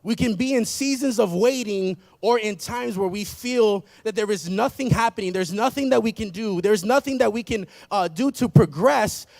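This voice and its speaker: A man's voice: high voice, moderate pace, creaky, hardly any pauses, a little mellow, dry recording, clean studio sound. A man in his thirties preaching a sermon in an emphatic style, building intensity through repeated phrases. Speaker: pastor. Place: church.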